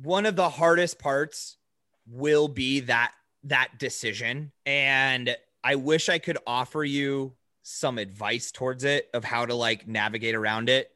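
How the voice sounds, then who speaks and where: A man's voice: medium pitch, measured pace, no echo, clean studio sound. A young man co-hosting a podcast, ranting casually with lots of profanity and laughter. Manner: profane, animated rants with frequent laughs. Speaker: podcast co-host. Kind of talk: casual chat.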